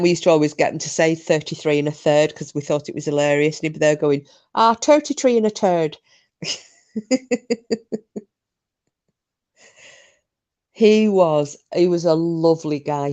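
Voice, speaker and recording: A woman's voice: low-pitched, warm tone. Chatty woman hosting a live stream. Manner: chatty, rambling, frequent restarts and fillers. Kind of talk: casual chat.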